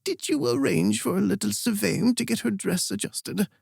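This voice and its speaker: A man putting on a doddering old queen from a fantasy audiobook, lifted high above his usual register, sweet and cheery but drifting off. The voice stays light and a little faraway, with a gravelly edge underneath. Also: animated, moderate pace, no echo, studio quality, exaggerated voice. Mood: drowsy. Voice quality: soft and bright. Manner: cheerful and vague. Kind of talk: audiobook character voice.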